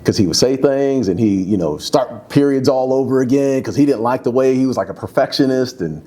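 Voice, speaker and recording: A man in his fifties, a former football player, telling stories in a candid, casual interview, his voice jumping high when he gets excited. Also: fairly quick. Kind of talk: candid conversational storytelling.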